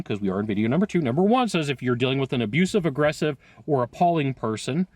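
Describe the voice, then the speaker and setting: A man talking casually to camera as a sales coach, animated and quick, laughing often and breaking into asides. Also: medium pitch, no room sound. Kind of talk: casual video talk to camera. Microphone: headphones on, recorded live.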